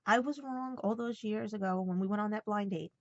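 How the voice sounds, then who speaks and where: A woman talks straight to the camera in a casual vlog. She tells a personal story with feeling and rambles a bit, acting out both sides of a conversation. Her voice sits at an ordinary pitch, and the recording sounds dull, dry and lo-fi. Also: brisk, no room sound. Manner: emotional, rambling retelling full of quoted dialogue. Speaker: vlogger.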